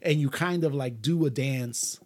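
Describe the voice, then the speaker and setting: A man's voice: medium pitch, a little slow. A man hosting a casual show, rambling and laughing often as he chats. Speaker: radio show host. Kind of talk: casual chat.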